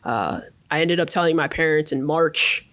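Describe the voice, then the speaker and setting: A man in his thirties with a fairly high speaking voice shares his story as a podcast guest. He talks in a casual, reflective way, with lots of small fillers and tag questions. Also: normal speed, a bit bright. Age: 30s.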